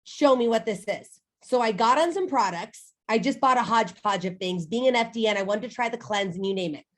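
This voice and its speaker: A woman in her thirties from the United States gives a motivational talk to a sales team, addressing them directly with emphatic delivery and personal stories. Her pitch is fairly high and her pace a little fast.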